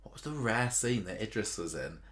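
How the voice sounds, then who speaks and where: A man's voice: on the low side, animated, fairly quick, a bit bright. Chatty man quizzing his co-host. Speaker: podcast co-host. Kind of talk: casual chat about a soap opera.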